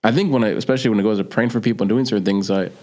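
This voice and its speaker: A man's voice: lowish voice, steady tone, very fast, darkish tone, a little hiss or hum. A man co-hosting a faith podcast, speaking candidly and encouragingly about his own struggles. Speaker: podcast co-host.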